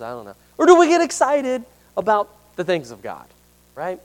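A man's voice: sits high, wildly swooping pitch, normal speed. A man leading a casual Bible study for a congregation, chatty and self-deprecating, often asking the room questions and reading verses aloud.

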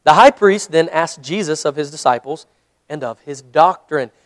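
A man's voice: on the high side, animated, normal speed, no echo. A man, a pastor, leading a Bible study, reading scripture aloud and explaining it in a conversational way.

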